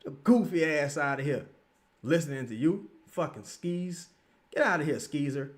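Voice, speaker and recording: A man hosting a casual livestream, reading viewer comments and talking loosely and profanely, jumping between loud outbursts and low mutters. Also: animated, moderate pace. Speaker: livestream host.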